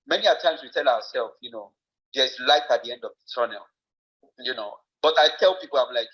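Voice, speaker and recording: Nigerian man, podcast guest, earnest and reflective, mid-pitched, slightly muffled audio. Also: brisk. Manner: earnest, reflective, many fillers and restarts. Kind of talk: personal story told in conversation.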